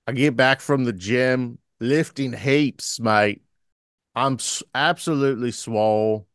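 A man's voice: mid-range voice, fairly bright tone, no echo, clean studio sound. A man putting on a cocky Australian gym bro. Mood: boastful. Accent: put-on Australian. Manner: brash, cocky, drawn-out slang.

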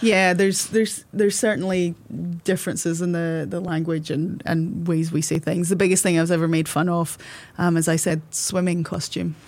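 A Scottish woman in her forties talks in a slightly low voice as an interview guest. Her chat is quick and full of dry sarcasm. She speaks casually and laughs easily. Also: fairly even intonation, darkish tone, no room sound. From west coast of Scotland. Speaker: physiotherapist guest.

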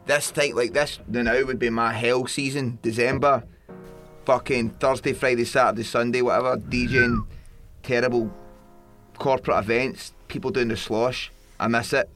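A man's voice: mid-range voice, huge pitch swings, moderate pace, fairly bright tone, soft background music. A man chatting casually on a podcast, joking and swearing as he talks. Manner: swearing, jokey, laughing. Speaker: podcast co-host. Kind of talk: casual chat.

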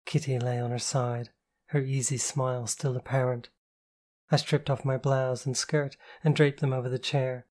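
A woman reading a novel aloud in the first person, calm, slow and intimate. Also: extremely low pitch. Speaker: audiobook narrator.

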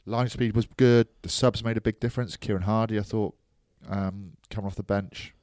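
A man with a lowish voice co-hosts a rugby chat show, trading jokes and giving easygoing match analysis. The sound is dry and close, with no room around it. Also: steady tone, normal speed, a little mellow, no room sound. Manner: jokey banter, chatty rugby analysis. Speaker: rugby podcast co-host. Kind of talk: casual chat.

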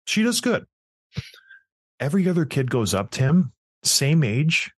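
A man's voice: fairly high pitch, sing-song, unhurried, slightly rough, no echo, studio quality. A middle-aged man co-hosting a sports podcast, telling a blunt, self-mocking story in casual chat. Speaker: podcast co-host.

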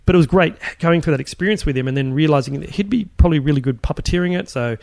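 A man's voice: fairly high pitch, racing, gravelly, a little mellow, dry recording. A middle-aged man, a guest in a casual interview, rambling with many restarts as he recalls his work. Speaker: guest, film puppet and props builder.

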